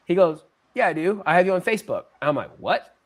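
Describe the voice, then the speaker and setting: A man tells a story as a podcast guest, his voice sitting a touch high. He talks in casual slang and jumps into the voices of the people in the story. The delivery is loose and lively. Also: fast talker. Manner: animated, slangy storyteller who acts out quotes.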